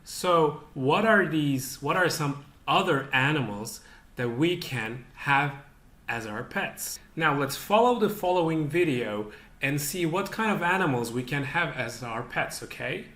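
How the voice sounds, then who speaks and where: A man teaching an online English lesson for young children, giving instructions slowly and clearly. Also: a little high, lively intonation, fairly bright tone. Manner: slow, clear instructional delivery.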